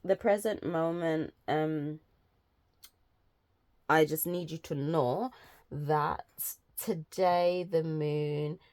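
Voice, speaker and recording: A woman's voice: low-pitched, darkish tone, no echo. A woman giving a casual weekly tarot and astrology update, chatty and rambling with many fillers.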